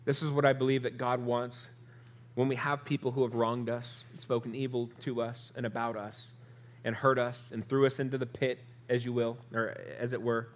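A male pastor preaching an earnest sermon, his voice rising through lists and dropping soft on the key lines. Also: medium pitch, level tone, normal speed.

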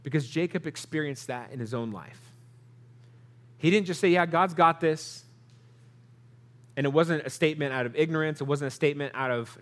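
A man with a slightly high speaking voice preaches a sermon. He talks in an earnest, conversational way, stops to restart his phrases and asks the listeners questions. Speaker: pastor.

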